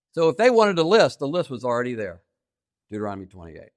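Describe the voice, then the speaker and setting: A man preaching a sermon, stressing key phrases by repeating them and swinging between loud emphasis and quiet asides. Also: mid-range voice, wildly swooping pitch, fast talker, no echo, studio quality. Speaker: pastor.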